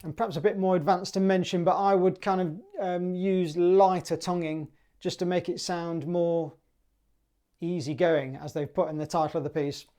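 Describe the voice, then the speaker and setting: Chatty British clarinet teacher, mellow tone. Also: male voice, high voice, steady tone, moderate pace. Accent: British English. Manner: chatty, sings rhythms in syllables. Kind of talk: relaxed music tutorial.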